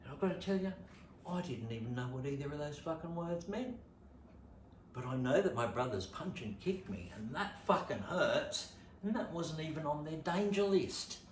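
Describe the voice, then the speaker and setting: A man's voice: a little high, animated, moderate pace, slight background noise. Australian man telling a sweary story. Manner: swearing, jumps between whispers and shouts. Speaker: stand-up comedian. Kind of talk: stand-up storytelling rehearsal. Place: room at home. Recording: echoey room, distant mic.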